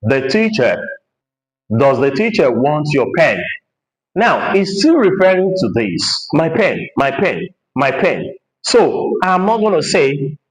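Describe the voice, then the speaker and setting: A man teaching an English lesson, explaining his points slowly and repeating phrases with heavy stress to show emphasis. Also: a little high, reverberant, low-quality recording.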